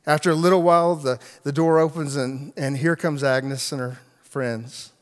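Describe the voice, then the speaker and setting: A man's voice: a little high, fairly even intonation, moderate pace. A man, a pastor, telling a story in a sermon, acting out the voices of the people in it, with frequent restarts. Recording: long reverb of a large hall.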